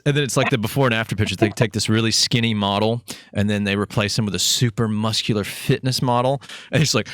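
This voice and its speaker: A man's voice: lowish voice, a little fast, a bit bright, dry recording, clean studio sound. A man hosting a podcast interview in a chatty, joking way, laughing at his own quips. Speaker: podcast host. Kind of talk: casual interview.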